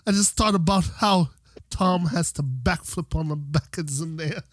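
A man's voice: on the high side, moderate pace, no room sound, clean studio sound. A man co-hosting a pop-culture podcast in casual chat, crude and jokey. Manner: crude, jokey, slips into silly voices. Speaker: podcast co-host.

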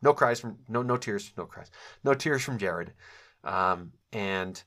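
A man's voice: on the low side, measured pace, fairly bright tone. A middle-aged man telling a personal story from his past, reflective and candid, with frequent fillers and self-corrections. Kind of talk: personal storytelling, memoir recollection.

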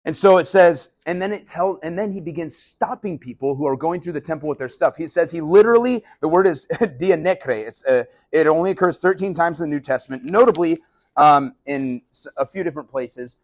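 A man preaching in a lively, conversational way, his voice sitting fairly high for a man. His delivery swings between chatty asides and emphatic points. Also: fairly quick, dry recording, studio quality. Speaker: pastor. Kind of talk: sermon.

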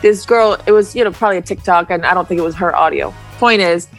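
A woman from New York co-hosting a casual podcast chat, relaxed and quick to laugh. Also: fairly low pitch, faint music behind. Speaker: podcast co-host.

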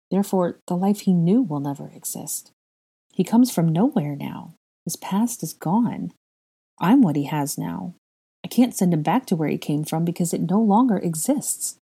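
A woman's voice: on the low side, mellow, breathy edge. A woman voicing a grieving, self-doubting young woman who sighs and hesitates, in a storybook reading. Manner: doleful, sighing, hesitant.

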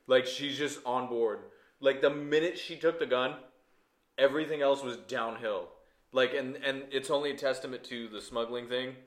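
A man in a casual podcast chat about a film, relaxed and a bit hesitant, with filler words. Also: medium pitch, normal speed. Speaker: podcast co-host. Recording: roomy echo.

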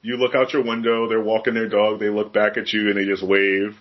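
This podcast co-host has a lowish voice and talks a little fast, and the recording loses its high end. He spins casual, profane, candid stories with plenty of animation.

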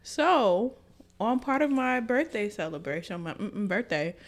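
Animated, swearing woman podcast co-host. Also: medium pitch, unhurried. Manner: animated storytelling, swears freely. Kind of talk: casual chat.

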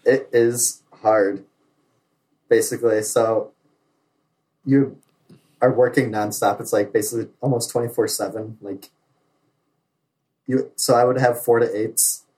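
A man's voice: mid-range voice, steady tone, a little slow, pauses often, warm tone, rough recording. A young man, a navy sailor, telling stories in casual chat with many filler likes and frequent laughs.

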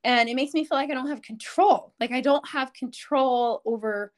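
Telling stories at a moderate pace, this woman co-hosts a podcast in a voice that sits high. The chat is casual, and her lively storytelling dissolves readily into laughter, even to the point of tears.

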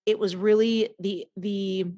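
A woman in her forties or older, a coach talking as a podcast guest. She speaks slowly and with emphasis, repeating her points. The recording is dry and close. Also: medium pitch, steady tone, mellow, dry recording. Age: 40s or older. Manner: slow, emphatic, repeats phrases. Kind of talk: casual podcast conversation.

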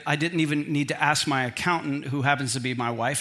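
A middle-aged man preaching from the pulpit in a bright, forceful voice that sits a little high. He tells his story in an animated way, pokes fun at himself and keeps the tone humorous. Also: quick pace. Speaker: pastor. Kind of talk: sermon with personal storytelling.

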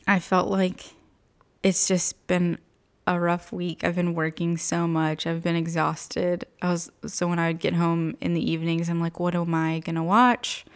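A woman's voice: lowish voice, little pitch movement, measured pace, clean tone. A woman co-hosting a podcast in casual chat, laughing often and poking fun at herself. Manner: laughs often, giggly and self-deprecating. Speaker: podcast co-host.

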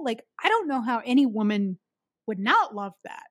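A woman's voice: a little high, big pitch swings, moderate pace, no echo, studio quality. A woman speaking frankly in a casual podcast chat, with laughs and restarts.

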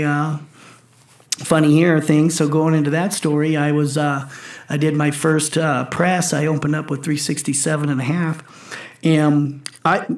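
The reverberant recording captures a high-ish male voice belonging to a forties-aged powerlifting coach. Chatting casually but with intensity, he swears and performs his own quotes.

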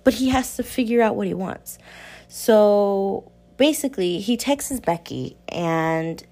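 Chatty young woman vlogging about a book, blunt and animated, cusses freely, pitch swings high. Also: takes it slowly. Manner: animated, candid, swears freely, big pitch jumps. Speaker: book reviewer. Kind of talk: casual book recap chat.

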